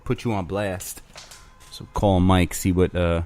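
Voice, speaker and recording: Low-voiced man rambling crudely on his show. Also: fairly even intonation, unhurried, heavy background noise. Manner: crude, rambling, self-mocking humor. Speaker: podcast host. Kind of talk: casual solo rambling.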